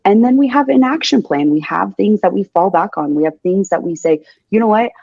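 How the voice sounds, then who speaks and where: A woman's voice: mid-range voice, animated, brisk, vocal fry, no room sound, phone-quality sound. A young adult woman, a paramedic guest on a podcast, talking bluntly and emphatically, swearing freely and repeating her points. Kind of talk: candid interview talk.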